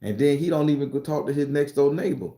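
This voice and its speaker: A middle-aged man from South Carolina, casually telling stories and answering viewer comments on a livestream in a loud, profane, laughing way. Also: fairly high pitch, fast. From South Carolina, USA. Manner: animated, profane, laughing storyteller. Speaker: YouTube tarot reader and storyteller. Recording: roomy echo.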